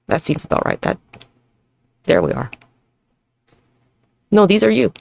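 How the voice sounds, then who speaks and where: Her medium-pitched voice is animated yet measured, creaky and a little mellow, with no echo. She's a woman in her thirties hosting a solo podcast at home near her neighbors, wandering and cursing through reflections, jumping topic to topic while moving about.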